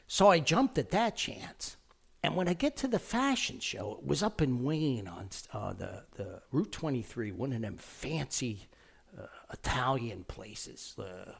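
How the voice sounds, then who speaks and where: New Jersey man, middle-aged, gravelly and lively-pitched, folksy rambling podcast storyteller. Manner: rambling, folksy, animated with lively quoted voices. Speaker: podcast host telling a personal story. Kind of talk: casual spoken storytelling.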